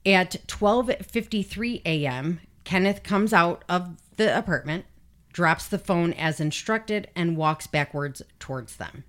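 A woman's voice: lowish voice, measured pace, a bit bright. A woman hosting a podcast, telling a true crime story casually, blunt and swearing freely as she reads out quotes. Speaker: podcast host.

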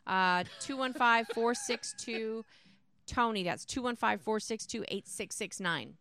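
A woman's voice: a little high, measured pace, bright, forceful tone. A woman co-hosting a sports podcast in casual chat, chatty and ready to argue her point. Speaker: podcast co-host.

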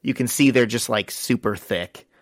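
A man's voice: mid-range voice, moderate pace, no echo, clean studio sound. A man co-hosting a podcast, casually recapping a comic issue and reading lines from it aloud. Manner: retells scenes, reading quoted lines aloud. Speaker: podcast co-host.

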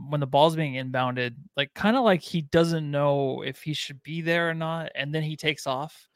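A man's voice: fairly high pitch, dry recording, studio quality. A young man co-hosting a casual sports podcast, talking in a laid-back, rambling way full of fillers. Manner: laid-back, rambling, lots of likes and ums. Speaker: podcast co-host.

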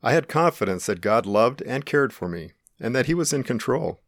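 A middle-aged man calmly and earnestly narrating his own life-or-death experience in the first person. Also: medium pitch, moderate pace, no echo, studio quality. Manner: calm, earnest, reflective.

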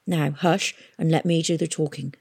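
Woman doing a curt, hard young woman, low and gravelly. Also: moderate pace, dry recording, studio quality, full character voice. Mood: blunt. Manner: curt and flat.

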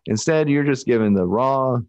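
An Alaskan man with a Pacific Northwest accent hosts a podcast over a video call, rambling casually, restarting often and laughing easily. His voice is medium-pitched and a little mellow at a normal pace, and the audio is dull with no room sound.

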